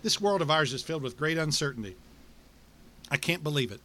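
A man's voice: a little high, lively intonation, a little fast, sharp tone. Man preaching with rhythmic repetition. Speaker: pastor. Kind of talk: sermon.

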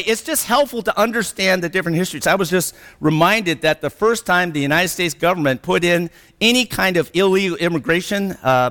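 High, bright-voiced middle-aged man presenting. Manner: conversational, often checks in with "okay?" and "right?"; laughs while telling stories. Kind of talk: anecdotal lecture-style talk. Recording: reverberant hall sound.

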